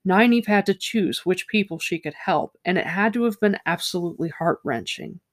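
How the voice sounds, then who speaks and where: Casual guy talking books, blunt, swears a lot, reads bits aloud. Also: high voice. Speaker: book discussion host. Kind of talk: casual book discussion with read-aloud passages.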